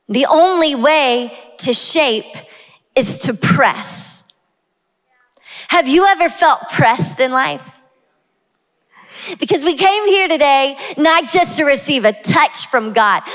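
Female pastor, 30s, Southern US, fervent sermon delivery, bright high pitch. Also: expressive, takes it slowly. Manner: impassioned, rising to shouts on key lines. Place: large church sanctuary. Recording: long hall reverb.

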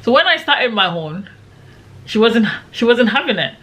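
A young woman dramatically retells a personal story for her casual vlog, animated and full of quoted shouts. Her voice is a little high, and she speaks at a normal speed.

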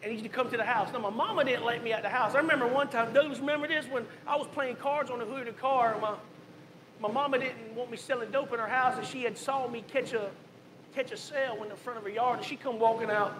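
Pastor, male, high bright voice, candid storyteller, echoey church sound. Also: fairly even intonation, fast talker, a little hiss or hum. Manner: candid storytelling, conversational asides. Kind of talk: testimony sermon. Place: church sanctuary.

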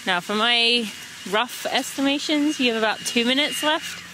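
A woman's voice: fairly high pitch, normal speed, noisy background. An English woman hosting a running podcast, chatting casually and counting listeners into strides as she walks outdoors. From England. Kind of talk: casual audio running guide. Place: walking outdoors.

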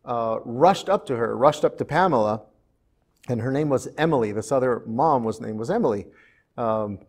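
A man's voice: mid-range voice, expressive, normal speed, darkish tone. Man preaching a storytelling sermon. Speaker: pastor. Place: church.

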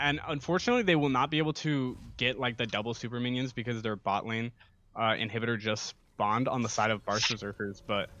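A man giving relaxed color commentary on an esports match, with lots of fillers and easy laughter. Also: mid-range voice, no room sound, dull audio. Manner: casual, filler-heavy, laughs often. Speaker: esports co-caster.

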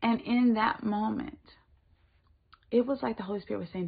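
Woman, devotional speaker, husky voice, swings between emphasis and whispers, thin phone-like sound. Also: mid-range voice, moderate pace, pauses often. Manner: animated, shifting between emphatic and hushed whispered delivery. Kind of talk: spoken devotional message.

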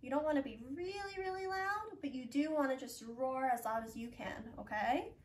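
A young woman, a library yoga instructor, gently coaxing children through a breathing lesson. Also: high-pitched, distant mic. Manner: encouraging, coaxing, talks slowly to children. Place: library room, indoors.

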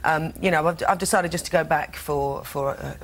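A woman from Scotland with a London accent, talking in a notably low voice. She chats easily as a guest on a TV studio sofa, often restarting her words. A faint hiss sits under her voice. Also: steady tone, normal speed. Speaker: actress guest. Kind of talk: TV studio interview chat.

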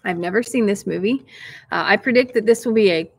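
A woman hosting a casual vlog, opening mail from viewers and talking warmly and emotionally, close to tears at times. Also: mid-range voice, fairly quick, slightly rough. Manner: chatty and emotional, near tears.

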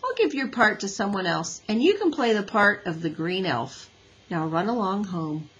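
A woman voicing a kind but flustered schoolteacher with a breathy, fretful manner. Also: mid-range voice, lively intonation, normal speed, fairly bright tone, low-quality recording. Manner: fretful, worried.

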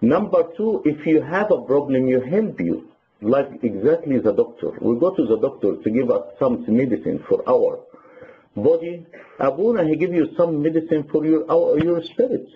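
A man's voice: a little high, lively intonation, normal speed, narrow, tinny audio. Egyptian-accented man giving a sermon. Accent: Egyptian Arabic. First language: Arabic. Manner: counts points aloud, retells church stories. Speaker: deacon teaching on confession.

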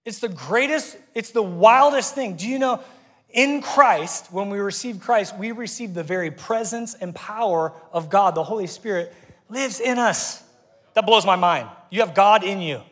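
Middle-aged man, pastor preaching, high bright voice, energetic conversational sermon, ringing hall reverb. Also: moderate pace. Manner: energetic, conversational, self-interrupting. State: getting out of breath.

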